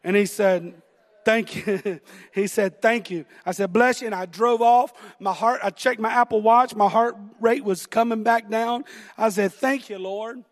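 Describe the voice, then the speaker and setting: A man's voice: high-pitched, normal speed. A middle-aged man with a Southern American accent preaching a sermon, telling a story about himself with self-deprecating laughter. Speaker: pastor. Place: church sanctuary. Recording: long hall reverb.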